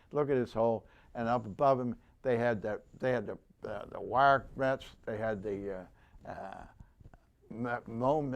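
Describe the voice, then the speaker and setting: A man's voice: medium pitch, darkish tone, lo-fi sound. Veteran in his nineties, interviewee: rambling, stop-start storyteller who acts out the people he quotes. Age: 90s. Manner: halting, rambling delivery with many restarts. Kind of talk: oral history storytelling.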